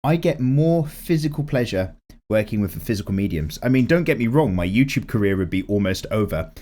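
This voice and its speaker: Man, thirties, art channel host, casual comment-reading chat, slightly cracking voice, very animated intonation. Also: fairly low pitch, fairly quick. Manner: chatty and lively, swears freely.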